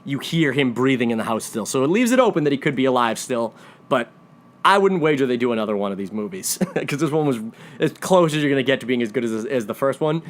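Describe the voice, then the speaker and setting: An excitable man who recaps a film in casual, rambling speech. He talks with plenty of restarts and bursts of enthusiasm, and his voice sits at a middle pitch for a man. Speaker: movie reviewer.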